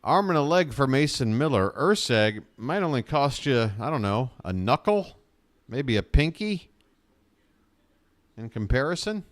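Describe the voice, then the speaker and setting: A man's voice: medium pitch, sing-song, measured pace. A man streaming live fan play-by-play of a baseball game, calling the action with joking asides and bursts of ranting.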